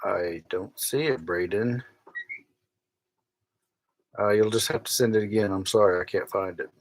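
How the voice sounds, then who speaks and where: On a live stream from a cramped sailboat cabin after dark, a man with a lowish voice talks unhurriedly. He reads viewers' comments aloud with dry mock indignation, and the recording is dry and rough.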